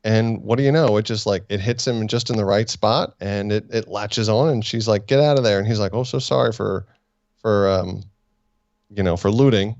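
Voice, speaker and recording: A man's voice: lowish voice, fairly even intonation, moderate pace, a little mellow, dry recording. A man co-hosting a casual review podcast, rambling, teasing and spinning theories as he talks. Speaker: podcast co-host. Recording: dull lo-fi sound.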